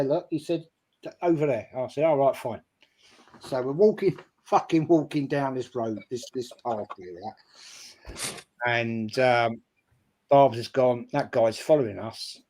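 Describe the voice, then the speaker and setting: A man's voice: medium pitch, a little mellow. An older English man on a video call, telling a casual anecdote with lots of swearing, acting out the people he quotes. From England. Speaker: stream guest. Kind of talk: casual storytelling.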